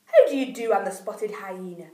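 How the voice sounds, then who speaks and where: A woman's voice: medium pitch, expressive, normal speed, warm tone, roomy sound, distant mic, close to an everyday voice. A woman voicing a mean spotted hyena who boasts about being ugly. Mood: boastful.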